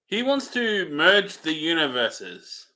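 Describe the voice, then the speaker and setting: A man co-hosting a movie review in easygoing, casual chat, often breaking into giggles. His voice sits high and swings widely in pitch. It has a bright, forceful ring. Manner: giggly, animated, quick to laugh. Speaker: co-host of a movie review show.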